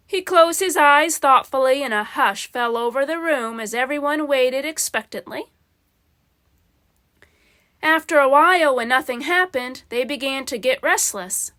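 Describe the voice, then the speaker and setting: A woman reading a children's storybook aloud in a gentle, unhurried way. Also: high voice.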